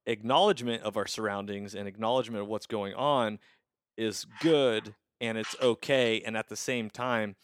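A man's voice: on the low side, steady tone, normal speed, a little hiss or hum. A man hosting a podcast conversation over a video call, talking in a reflective, emphatic way and often restarting his sentences. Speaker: podcast host. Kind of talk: casual conversation.

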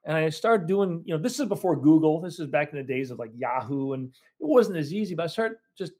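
Rambling storyteller man, slightly high voice. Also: animated, fairly quick, darkish tone. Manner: rambling, self-correcting storyteller. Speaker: business owner guest. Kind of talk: casual storytelling interview.

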